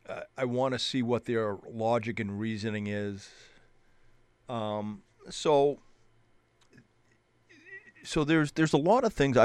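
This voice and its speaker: A man, a police officer, telling an old traffic-stop story in a relaxed chat, restarting his sentences often. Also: on the low side, clean tone, dry recording. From New Hampshire, US. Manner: rambling, many restarts, animated retelling. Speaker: police officer guest on a show. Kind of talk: casual storytelling.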